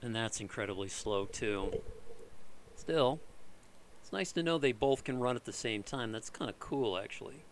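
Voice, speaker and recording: A man's voice: moderate pace, slight background noise. A man ranting in frustration while fixing his computer, sarcastic and swearing freely. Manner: exasperated, sarcastic, swears freely, mocks others in shrill voices. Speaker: vlogger doing computer repair. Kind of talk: frustrated ranting commentary over screen recording.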